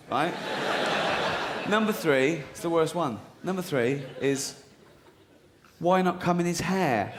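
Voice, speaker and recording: Stand-up comic, mocking and sweary, a touch high, live room with audience noise. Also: male voice, expressive, normal speed. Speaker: stand-up comedian. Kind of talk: stand-up routine. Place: theatre stage, live audience. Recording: echoey venue with crowd noise.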